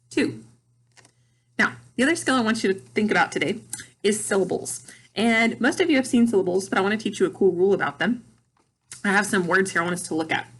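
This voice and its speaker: A woman teaching young children phonics, with a soft, slightly breathy voice at an ordinary middle pitch. She talks slowly and deliberately, sounding out words and clapping out syllables with patient repetition.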